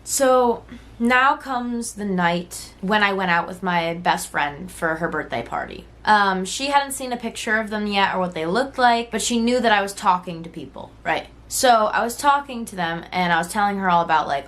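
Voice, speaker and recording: A woman's voice: mid-range voice, lively intonation, normal speed, fairly bright tone. Chatty young woman telling a story. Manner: conversational, frequent "like" and "right?", swears freely; candid, retelling texts in quoted voices. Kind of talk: casual storytime vlog.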